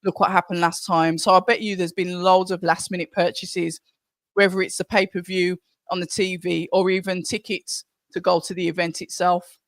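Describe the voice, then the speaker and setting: A woman's voice: on the low side, little pitch movement, moderate pace, no echo, studio quality. A middle-aged woman hosting a live stream, chatting casually and reading viewer comments aloud from home. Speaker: livestream host.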